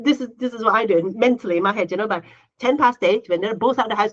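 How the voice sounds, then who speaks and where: This co-host talks rapid-fire in a fairly high voice over lo-fi audio during a casual podcast chat. She rattles on conversationally, punctuating with "right?" and acting out her own thoughts as small quotations.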